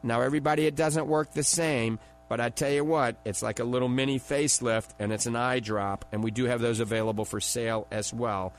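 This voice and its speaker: A man's voice: medium pitch, fairly even intonation, a little fast. Chatty radio health-show host, man. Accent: New Orleans. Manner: chatty salesman's patter, repeats phone numbers, chuckles. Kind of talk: radio call-in health show with product promotion.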